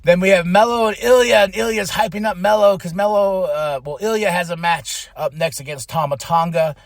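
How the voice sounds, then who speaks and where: High-voiced hyped-up podcast host, man. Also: a little fast, no room sound, clean studio sound. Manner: excited, animated storytelling with hype shouts and laughs. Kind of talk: casual wrestling recap.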